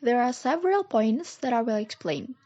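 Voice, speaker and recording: A woman's voice: a little high, expressive, moderate pace, warm tone. A young woman introducing a scripted lesson and listing its points in order. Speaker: teacher. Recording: dull, muffled lo-fi recording.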